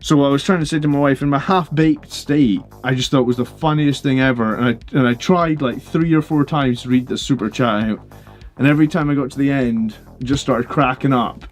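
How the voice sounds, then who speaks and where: A tired man chats loosely to his stream audience, circling back with fillers and restarts. His voice sits at a middle pitch, and faint music plays quietly in the background. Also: brisk. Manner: rambling, filler-heavy, relaxed. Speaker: hobby channel host. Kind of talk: casual livestream chat.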